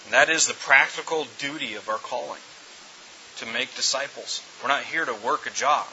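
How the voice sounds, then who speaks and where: A middle-aged male pastor delivering a sermon in an emphatic way, often doubling back on words and restarting his phrases. His voice is strikingly bright and tense. The recording is dull and lo-fi, with a faint hiss running underneath. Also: medium pitch, moderate pace.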